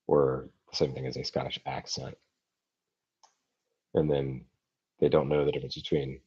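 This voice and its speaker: A very deep-voiced American man chats through viewer questions on his livestream, thinking aloud with plenty of ums and restarts. His voice is dark and a little husky. The stream audio sounds dull and muffled. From United States. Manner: thoughtful, halting, many fillers and restarts. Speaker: language-learning channel host. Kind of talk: livestream Q&A chat. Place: home, streaming live. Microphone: computer mic for a livestream.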